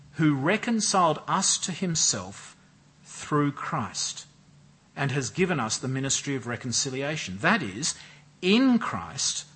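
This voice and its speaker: A man preaching an expository sermon with a measured, emphatic delivery, often repeating and stressing key phrases. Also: medium pitch, a bit bright, breathy edge.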